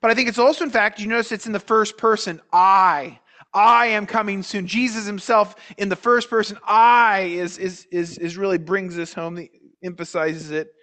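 A man with a notably high-pitched voice delivers a sermon from the pulpit. He preaches in a measured, deliberate way, often repeating words as he restarts a phrase. He asks the congregation rhetorical questions as he works through a scripture passage. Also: fairly even intonation, sharp tone. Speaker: pastor.

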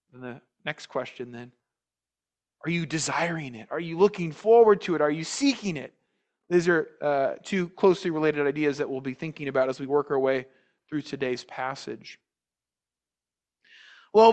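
A man with a notably high-pitched voice delivers a sermon from the pulpit. He preaches in a measured, deliberate way, often repeating words as he restarts a phrase. He asks the congregation rhetorical questions as he works through a scripture passage. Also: a bit bright. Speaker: pastor.

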